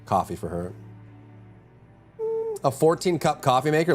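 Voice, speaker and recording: A man's voice: medium pitch, very animated, measured pace, pauses often, soft background music. A man streaming live, chatting casually with his viewers, rambling and humming or muttering to himself between thoughts. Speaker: full-time streamer.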